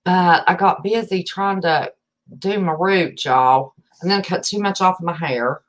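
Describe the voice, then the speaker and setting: A woman's voice: lowish voice, measured pace. A woman with an Appalachian accent hosting a casual livestream from home, chatty and folksy, greeting viewers by name and calling them honey. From West Virginia. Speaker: livestream host.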